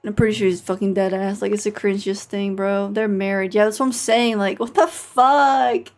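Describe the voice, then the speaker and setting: A woman's voice: medium pitch, level tone, brisk, a little mellow. A woman chatting casually while streaming a game, rambling with many fillers and swearing. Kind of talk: casual let's-play chat.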